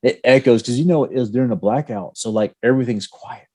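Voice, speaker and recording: Mellow-voiced man telling war stories. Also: medium pitch, fast talker. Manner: storytelling, animated, with laughs. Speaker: podcast co-host. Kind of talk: casual veterans' podcast chat.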